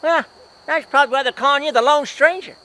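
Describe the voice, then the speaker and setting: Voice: high-pitched, fast talker, sharp tone, poor audio. Someone doing a cheeky teasing sidekick. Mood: playful. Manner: teasing, giggly, drawling. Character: cheeky teasing sidekick companion, adult, sentimental. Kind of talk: homemade comedy sketch acting.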